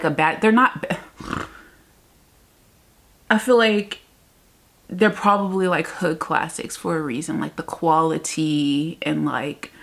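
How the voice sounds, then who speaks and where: A woman talks casually to her viewers in a reading vlog, rambling and exasperated and laughing often. Her speech is slow and unhurried, and her voice is fairly low with a gravelly fry. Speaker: book vlogger.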